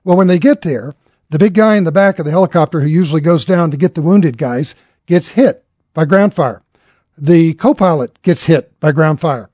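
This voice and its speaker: A man's voice: on the high side, normal speed, a little mellow, no room sound, clean studio sound. A man telling a dramatic story in an earnest way, acting out the characters' lines as he goes.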